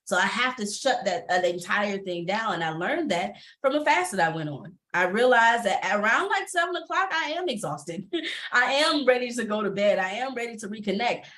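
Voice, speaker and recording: A woman's voice: medium pitch, expressive, normal speed, fairly bright tone. A woman from Atlanta, speaking expressively and laughing often as a panelist entrepreneur on a video call. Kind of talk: panel discussion, personal testimony.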